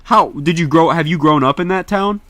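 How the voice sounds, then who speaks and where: A young man from Indiana, chatting casually to viewers on a livestream in an excitable, slangy, profane way. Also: on the high side, brisk, no echo.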